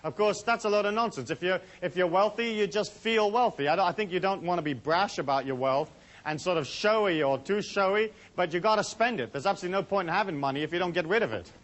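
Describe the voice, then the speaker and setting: Rambling, chatty higher-voiced man lecturing. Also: expressive, quick pace, fairly bright tone. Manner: rambling, chatty, many "you know" asides. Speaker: seminar speaker. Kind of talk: casual lecture to a live audience.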